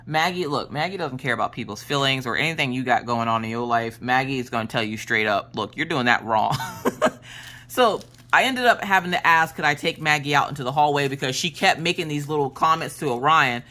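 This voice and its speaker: A woman's voice: extremely low pitch, brisk, pushed and bright. A woman in her thirties telling a story in a casual, chatty way while crafting on her vlog, laughing often. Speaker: craft vlogger.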